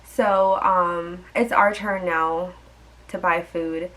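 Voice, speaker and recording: A woman's voice: fairly low pitch, steady tone, takes it slowly, fairly bright tone, poor audio. A young woman vlogger telling a dating story in a chatty, exasperated way, full of fillers and asides. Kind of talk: storytime vlog.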